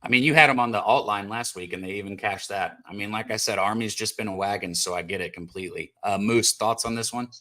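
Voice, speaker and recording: A man's voice: on the low side, fast, few pauses. A man hosting a live-streamed sports betting show, talking casually and with hype as he brings guests on. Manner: hyped, hands out shout-outs.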